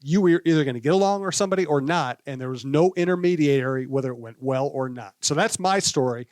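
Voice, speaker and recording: A man with a Midwestern accent, a veteran sportscaster guest telling an anecdote in a brisk, relaxed way. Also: a little high, no room sound. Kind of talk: casual storytelling chat.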